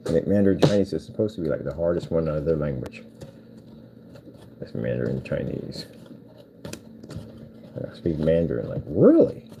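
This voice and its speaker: A man's voice: a bass voice, normal speed, vocal fry, long pauses. A man chatting casually and rambling as he builds a cardboard project, talking half to himself. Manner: meandering, talks to himself while working. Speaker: vlogger building cardboard PC cases. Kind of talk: casual rambling chat while crafting. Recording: background noise with clicking.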